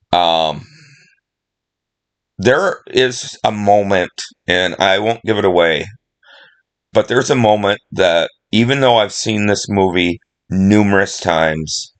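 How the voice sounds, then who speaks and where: A middle-aged man rambling casually about movies he loves, emotional and full of fillers. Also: low-pitched. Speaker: movie vlogger.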